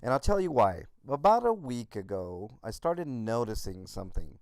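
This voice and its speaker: A man's voice: mid-range voice, very animated, moderate pace, no room sound, studio quality. A man co-hosting a podcast, rambling through a casual story with a lot of swearing. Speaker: podcast co-host. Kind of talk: casual profane chat.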